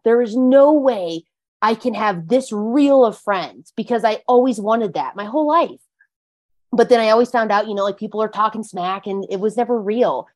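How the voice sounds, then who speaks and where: A woman speaking as a podcast guest, her voice sitting at an ordinary middle pitch for a woman. She talks in a chatty, emphatic flow. She is full of "like" and "you know". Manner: chatty and emphatic, heavy use of "like". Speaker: podcast guest sharing her recovery story. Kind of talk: casual conversational interview.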